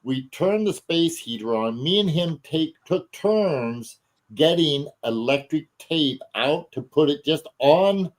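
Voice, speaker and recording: A man's voice: on the high side, lively intonation, slow, poor audio. A man with a Cincinnati accent recalling an old winter story in casual chat, earnest and reminiscing. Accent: Cincinnati, Ohio.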